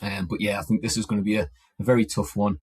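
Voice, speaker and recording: A man co-hosting a sports podcast over a video call, talking haltingly with many restarts. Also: lowish voice, steady tone, darkish tone, slightly rough, dry recording. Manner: hesitant, lots of restarts. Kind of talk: casual sports chat.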